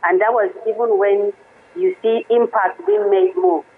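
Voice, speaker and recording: Woman on a tinny phone line. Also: medium pitch. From Nigeria. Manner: halting, many restarts. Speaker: guest, women's rights lawyer. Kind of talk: radio interview by phone. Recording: phone line into radio studio.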